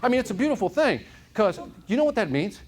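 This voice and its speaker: A man from Chicago giving an energetic, joking motivational keynote to a live audience, often checking in with "right?". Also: high-pitched, fast. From Chicago, United States. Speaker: motivational speaker. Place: conference room with audience.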